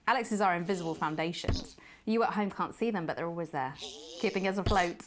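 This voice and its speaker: A woman playing a posh-accented female news anchor who is unhinged and obsessive, with a breathy, confessional delivery in a video game. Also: fairly low pitch, quick pace, noisy background, close to an everyday voice. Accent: posh English put on. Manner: breathy confessional, trailing into hushed whispers.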